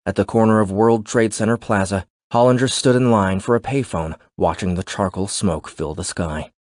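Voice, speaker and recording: A man with a somewhat low voice narrates an audiobook at a steady, measured pace. The recording is dry and studio quality.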